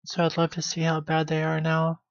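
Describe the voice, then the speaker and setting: A man's voice: fairly high pitch, completely flat delivery, fairly quick, gravelly, dry recording, lo-fi sound. A man hosting his own live stream in a casual, rambling way, trailing off into half-finished sentences. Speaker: livestreamer.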